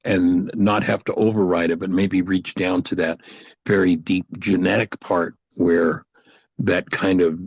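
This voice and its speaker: Deep gravelly man, coaching gently. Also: no echo, highs cut off. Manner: gentle, suggestive, measured guidance. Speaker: host and teacher. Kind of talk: coaching conversation on a video call.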